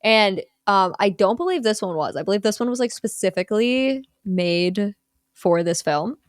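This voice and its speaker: Animated young woman recapping a film. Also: medium pitch, moderate pace, no echo, studio quality. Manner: animated storyteller, acts out film characters in quotes. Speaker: podcast host recapping a film. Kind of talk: casual chat.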